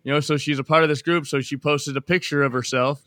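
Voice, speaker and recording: Rambling, profane podcast co-host. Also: male voice, on the high side, steady tone, fairly bright tone, dry recording, clean studio sound. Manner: rambling, profane, halting restarts. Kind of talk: crude casual podcast banter.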